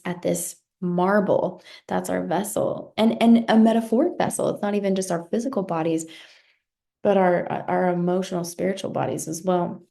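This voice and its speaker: Gravelly, warm-toned woman life coach. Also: lowish voice. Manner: earnest, repeats words, asks rhetorical "right?". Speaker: podcast host and life coach. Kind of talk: reflective motivational talk.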